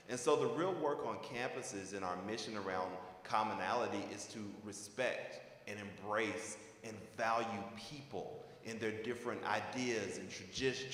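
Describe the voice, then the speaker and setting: A lower-voiced man with a Kentucky accent talks earnestly on a panel, tossing in wry asides. His voice rings out through a large hall with long reverb and a faint hiss underneath. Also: fairly bright tone. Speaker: university administrator. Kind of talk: panel discussion.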